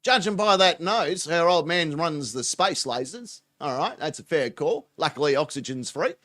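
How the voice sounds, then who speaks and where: A man's voice: a little high, expressive, normal speed, bright, forceful tone. A foul-mouthed man hosting a mocking reaction commentary show, laughing as he talks. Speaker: host.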